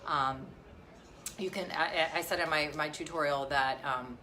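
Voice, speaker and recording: A woman's voice: low voice, sharp tone, a little hiss or hum. A woman in her thirties, a mom chatting on a casual live stream, rambling with lots of fillers and restarts. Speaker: vlogger and mom. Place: outdoors near the beach. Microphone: phone live stream.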